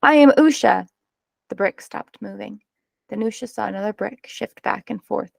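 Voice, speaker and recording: A woman reading a children's picture book aloud, narrating in an expressive, measured way. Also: medium pitch, gravelly, husky, no echo. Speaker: storyteller.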